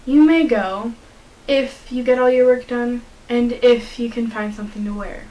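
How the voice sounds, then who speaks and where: A cold, bossy stepmother barking orders in a sharp, raised voice that stays fairly high. A young woman puts her on while reading a children's story aloud. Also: steady tone, moderate pace, close to an everyday voice, low-quality recording.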